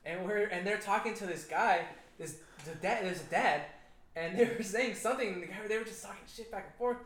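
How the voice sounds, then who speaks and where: A young man in casual chat, slangy and excitable, jumping in over his friends. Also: high voice, brisk, roomy sound.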